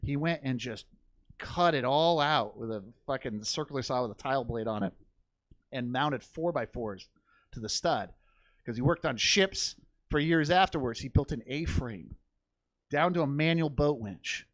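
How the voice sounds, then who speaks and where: A man's voice: medium pitch, expressive, normal speed, dry recording. A young man telling a crude family story in a stand-up comedy set, swearing freely and acting out the people in it. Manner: profane storytelling with voiced impressions. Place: comedy theater stage.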